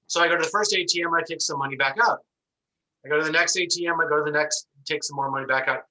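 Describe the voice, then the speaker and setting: A man lectures to an online class through a computer microphone. His voice is sharp and bright and sits a little high. He tells an animated story and acts out the voices in it. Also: fast, poor audio. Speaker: instructor.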